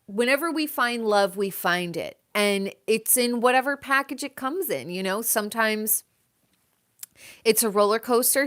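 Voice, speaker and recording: A woman's voice: a little high, bright, forceful tone, clean tone. Chatty woman gushing over reality TV. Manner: gushing, chatty, laughs often. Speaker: host. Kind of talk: casual chat about reality TV.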